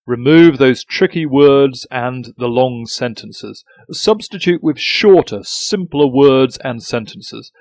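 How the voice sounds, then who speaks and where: A man reading scripted presentation tips in a measured way, stressing key words. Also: medium pitch, a little mellow, dry recording. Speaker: newsletter presenter.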